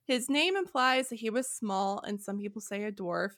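A woman's voice: medium pitch, animated, moderate pace, a bit bright, no echo, clean studio sound. A woman casually retelling an old legend on a podcast, joking and laughing as she goes. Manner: laughing, jokey retelling with voiced asides. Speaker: podcast co-host. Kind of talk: casual storytelling chat.

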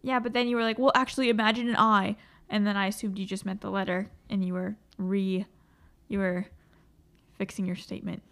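A woman's voice: mid-range voice, level tone, gravelly, a bit bright. A woman co-hosting a casual podcast, reacting with short asides and teasing jokes. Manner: quick reactive quips and backchannels. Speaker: podcast co-host. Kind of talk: casual chat.

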